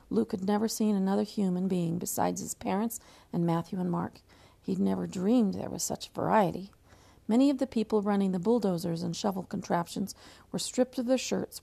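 A woman's voice: mid-range voice, creaky, warm tone. A woman teacher reading a novel aloud, with frequent slips and restarts.

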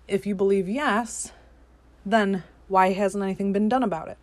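A woman's voice: medium pitch, fairly even intonation, normal speed, a little mellow, dry recording. A woman hosting a podcast, delivering a profane, skeptical political rant with exasperated outbursts. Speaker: podcast host. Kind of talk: ranting political monologue.

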